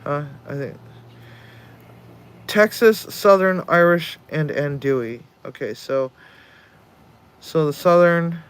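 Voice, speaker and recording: A man's voice: a little high, slow pace, long pauses, smooth. A man hosting a cooking channel, chatting casually, tired, swearing now and then and laughing often. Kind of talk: casual chat.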